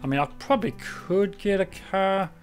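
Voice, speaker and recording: A man's voice: sits high, moderate pace, faint music behind. A man from South Australia with an Australian accent, chatting casually while live streaming a car repair game and rambling a little. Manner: rambling, chatty, loses his train of thought. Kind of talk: casual gameplay commentary.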